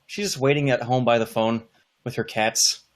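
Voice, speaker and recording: A man's voice: medium pitch, steady tone, moderate pace. A man in casual chat, cracking crude, sarcastic jokes.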